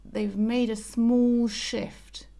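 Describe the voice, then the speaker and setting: A woman co-hosting a podcast, talking in a brisk, informal way. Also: on the high side, little pitch movement, creaky, mellow. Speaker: podcast co-host. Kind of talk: casual chat.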